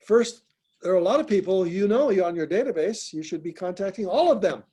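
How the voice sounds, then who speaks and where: A man's voice: fairly high pitch, warm tone, husky. A man hosting a group call, coaching listeners in a direct, encouraging way and often repeating himself. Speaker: host, business coach.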